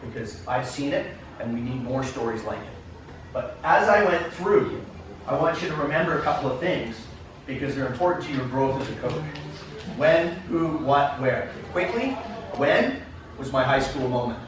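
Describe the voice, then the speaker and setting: A man from Canada gives a keynote talk to coaches, telling stories from his career. He is heard from a distance, in a very echoey conference room with steady background noise. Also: medium pitch. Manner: storytelling, acts out dialogue, addresses audience directly. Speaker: keynote speaker, soccer coach. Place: conference classroom.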